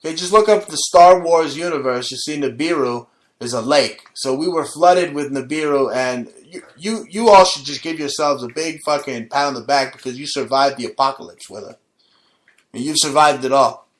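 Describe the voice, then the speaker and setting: A man's voice: a little high, moderate pace. A man hosting his own show, delivering a profane, rambling comedic rant. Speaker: host. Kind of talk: ranting comedic monologue.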